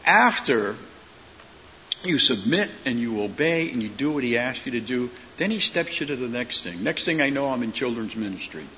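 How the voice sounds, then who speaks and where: A man's voice: mid-range voice, moderate pace. A middle-aged man preaching a sermon as a pastor, telling stories animatedly and acting out the voices in them. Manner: animated storyteller, acts out voices in his stories. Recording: long hall reverb, dull lo-fi sound, faint hiss.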